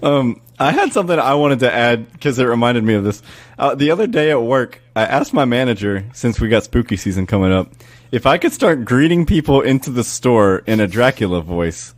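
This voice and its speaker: A man with a mid-range voice that moves a lot in pitch, trading stories on a casual podcast. His talk is chatty and full of laughing banter. The recording is dry and close. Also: expressive, brisk, dry recording. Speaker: podcast co-host.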